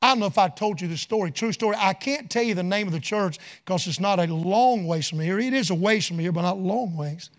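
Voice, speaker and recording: High-voiced folksy preacher. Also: male voice, a little fast, hardly any pauses. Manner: folksy, swings between soft asides and loud shouted peaks. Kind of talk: revival sermon with storytelling.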